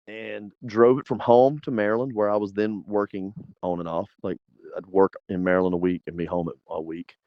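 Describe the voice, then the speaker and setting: A man's voice: lowish voice, no room sound. A man in his forties from South Carolina, a guest telling a story in a casual, laughing way and acting out the people in it. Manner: animated, laughing, acts out others in the story. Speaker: interview guest. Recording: dry, slightly dull lo-fi sound.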